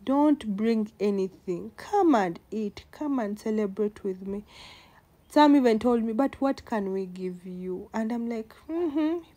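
A woman's voice: fairly high pitch, expressive, measured pace, mellow. A woman, talking to the camera in a casual vlog, heartfelt and emotional, repeating words for emphasis. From Uganda. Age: 20s. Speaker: vlogger.

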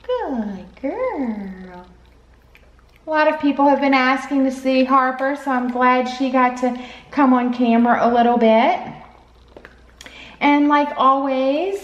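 Woman, pet vlogger, casual chat at home, slow pace, echoey room. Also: sits high. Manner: chatty, frequent "you know" fillers. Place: home at night.

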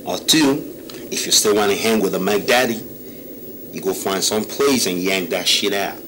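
A man's voice: lowish voice, moderate pace, slight background noise, natural voice. An actor playing an arrogant young womanizer with a slangy, swaggering Nigerian accent who lashes out at his girlfriend. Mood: smug. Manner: cocky slangy swagger, swings into shouting.

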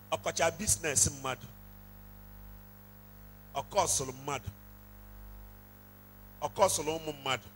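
A man's voice: a little high, fairly bright tone, slight background noise, poor audio. A man preaching a sermon, switching between English and Igbo and breaking into song. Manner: preaching with slow, drawn-out bursts into singing. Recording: music playing under the voice.

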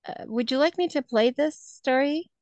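A woman's voice: high voice, moderate pace, darkish tone, no room sound. A woman who teaches third grade, presenting a lesson in a workshop, talking hesitantly with many fillers and restarts, heard over a video call.

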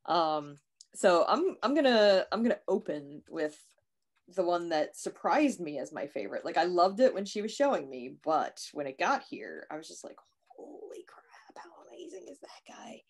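A woman's voice: on the low side, very animated, moderate pace. A woman in her forties co-hosting a casual chat, laughing often as she talks. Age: 40s. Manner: giggly, chatty. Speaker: co-host.

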